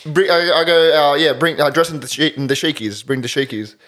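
A man's voice: on the high side, brisk. A young man hosting a podcast, teasing his friends and telling sweary stories in casual chat. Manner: lively, teasing, sweary storyteller. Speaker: podcast host.

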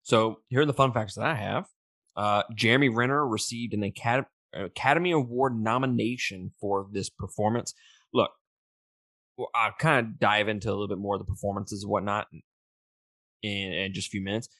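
A man's voice: lowish voice, normal speed, fairly bright tone, dry recording. A man co-hosting a casual movie podcast, reading trivia notes and chatting, with fillers, restarts and easy laughter. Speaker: podcast co-host.

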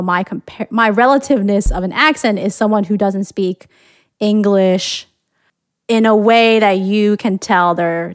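A woman's voice: medium pitch, no echo, clean studio sound. A woman from the United States hosting a podcast, chatting casually and thinking aloud with frequent restarts. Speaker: podcast host.

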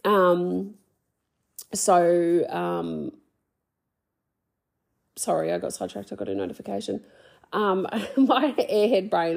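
A woman in her young adult years hosts her podcast in a loose, rambling chat, dropping swear words and making fun of herself. Her voice has a gravelly, creaky edge and a husky, slightly raspy texture. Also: mid-range voice, darkish tone. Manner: rambling, swears freely, self-deprecating. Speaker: podcast host. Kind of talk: casual solo podcast chat.

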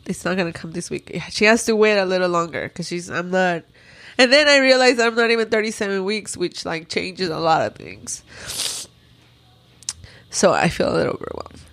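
A woman's voice: on the low side, lively intonation, moderate pace, creaky, fairly bright tone, no echo. A woman co-hosting a podcast in casual chat, talking openly and emotionally with frequent laughs, recorded in a studio booth. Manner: open, emotional, laughs often. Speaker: podcast co-host.

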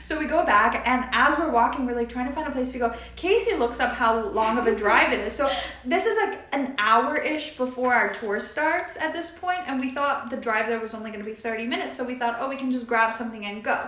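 A woman's voice: fairly high pitch, brisk, fairly bright tone. A young woman chatting casually on a podcast, telling stories with lots of laughs and quoted asides. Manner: giggly, storytelling with quoted asides. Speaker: podcast co-host. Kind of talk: casual chat. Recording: echoey room with faint noise.

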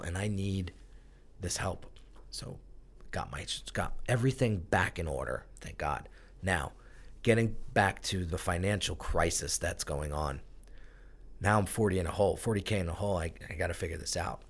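A man's voice: low-pitched, moderate pace, slightly rough. A man telling his own story in a conversational interview, candid and emotional, swearing now and then. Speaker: guest, brand strategist.

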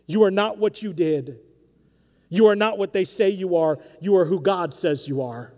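Pastor, male, high mellow voice, earnest conversational preaching, long church reverb. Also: normal speed. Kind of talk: sermon. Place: church sanctuary.

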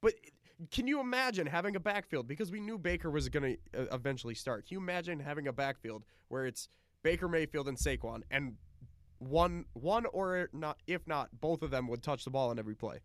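A man's voice: a little high, animated, brisk, dry recording, studio quality. Agreeable, rambling male podcast co-host. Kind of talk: casual sports debate.

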